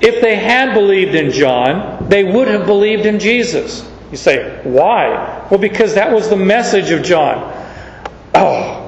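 A male pastor preaching a sermon, teaching slowly through Bible verses with chuckles. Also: sits high, expressive. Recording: echoey church hall, dull sound, faint noise.

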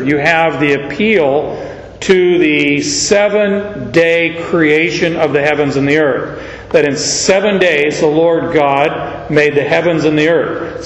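A man with a fairly high voice teaches scripture at a slow, deliberate pace. His words are emphatic, and he lifts his pitch when he reads verses aloud. The sound is dull and lo-fi, with a long hall echo. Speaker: Bible teacher.

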